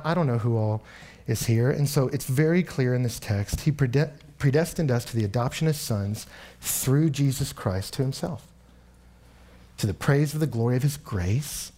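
A young man from Texas delivers a sermon with a husky, slightly breathy voice at an ordinary pitch. He tells his stories with animation, speeding up and getting louder as they build. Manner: animated storytelling, rising and louder in anecdotes. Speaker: preacher.

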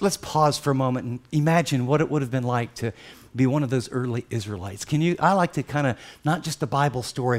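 A man preaching a sermon, retelling scripture as vivid dramatic storytelling and swinging from hushed, slow passages to loud, excited ones. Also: on the high side.

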